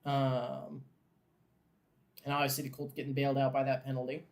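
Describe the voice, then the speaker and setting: A man hosting a live watchalong who mixes glum fan grumbling and swearing with play-by-play calls that build in excitement on big plays. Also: medium pitch, normal speed, gravelly. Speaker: host of a live game watchalong. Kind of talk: casual live game commentary.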